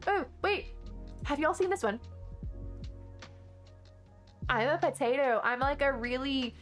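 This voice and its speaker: A woman's voice: high-pitched, lively intonation, unhurried, fairly bright tone, faint music behind. A woman from Texas, chatting casually with her viewers and answering chat during a game stream.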